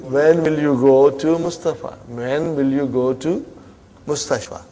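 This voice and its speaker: A man leads a classroom Arabic grammar lesson in English. His voice sits a little high, and he keeps drilling the students with repeated questions and quick prompts, weaving in Arabic and Islamic phrases. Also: lively intonation, a little mellow. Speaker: Arabic teacher.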